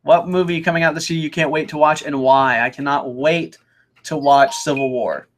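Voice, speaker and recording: A man's voice: fairly high pitch, steady tone, normal speed. A young man hosting a casual live Q&A, chatting upbeat as he reads out viewer questions. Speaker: host.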